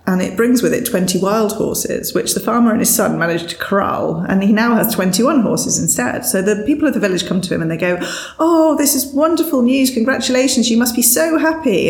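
A woman co-hosting a casual, reflective conversation, thinking aloud, laughing often and retelling a story with lively quoted voices. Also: on the low side, reverberant.

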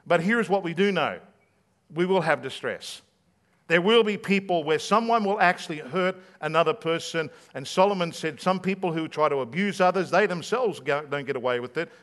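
A man preaching to his congregation, chatty and direct, firing off rhetorical questions. His voice sits a little higher than most men's. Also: a bit bright. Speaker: pastor. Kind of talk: sermon.

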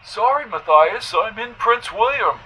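A man's voice: high voice, animated, measured pace, pushed and bright, slight background noise, pitched above the performer's own voice, heavily acted, poor audio. A man reading a story, voicing an evasive older man who speaks with a weak voice.

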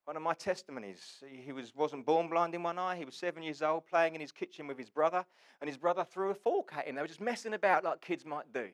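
A man preaching a sermon, telling the story with wry, sarcastic humour and swinging between loud and hushed. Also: a little high, quick pace.

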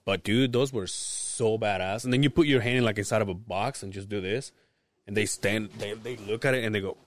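A man's voice: on the low side, brisk. A man co-hosting a podcast, laid-back and profane, laughing often as he tells stories. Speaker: podcast co-host. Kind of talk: casual chat.

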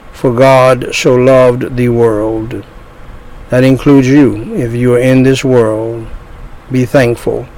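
A man preaching an evangelistic sermon, slow and deliberate, drawing out his phrases. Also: mid-range voice, darkish tone, low-quality recording.

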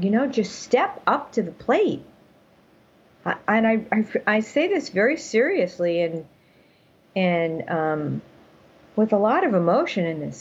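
Speaking over a call from her home, an older woman with a medium-pitched, slightly rough voice recounts her story as an interview guest. Her manner is earnest and emphatic in casual conversation, though the audio's highs are cut off.

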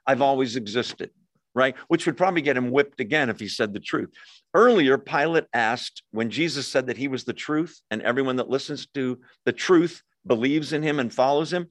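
A man teaching a Bible study in a relaxed, conversational tone. He poses questions and answers them himself, and he acts out quoted lines with a lifted voice. The sound is dry and close, with no room echo. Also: medium pitch. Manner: conversational, asks and answers his own questions.

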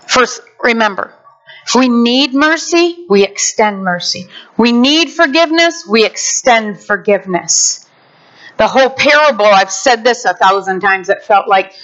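Woman preacher, high voice, animated storyteller who acts out the characters; muffled lo-fi sound. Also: a little slow. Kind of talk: sermon. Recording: dull lo-fi sound.

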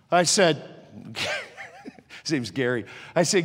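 A middle-aged man preaching a sermon as pastor, moving from joking chat to loud fervent preaching. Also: on the high side, a little slow, long pauses, big-room sound.

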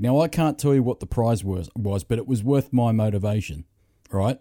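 A man's voice: medium pitch, lively intonation, normal speed, dark tone, no room sound, clean studio sound. A middle-aged man hosting a podcast, telling rambling, profane anecdotes in casual chat. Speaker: podcast host.

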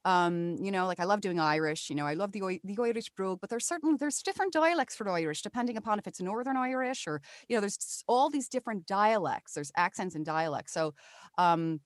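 A woman voice actor talking casually about her craft in an interview, animated with many restarts. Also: mid-range voice, fairly quick, dry recording, studio quality. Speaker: voice actor guest.

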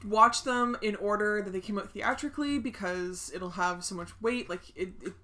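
A woman's voice: mid-range voice, sharp tone. A woman co-hosting a podcast who chats enthusiastically, gasping and laughing often. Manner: enthusiastic, quick to gasp and laugh. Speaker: podcast co-host. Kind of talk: casual chat.

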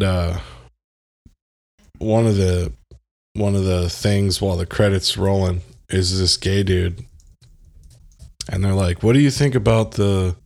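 Low-voiced animated male podcast co-host. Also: vocal fry. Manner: animated storyteller, mimics voices, laughs often. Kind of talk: casual chat.

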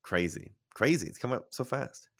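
A man's voice: medium pitch, lively intonation, moderate pace, creaky, a bit bright. A man co-hosting a wrestling podcast, laid-back and laughing often in casual chat. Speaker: podcast co-host.

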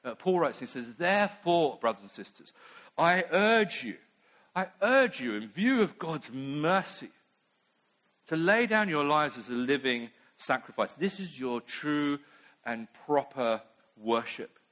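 A man's voice: fairly high pitch, expressive, a little slow, fairly bright tone. A man preaching a sermon in a conversational way, with many asides.

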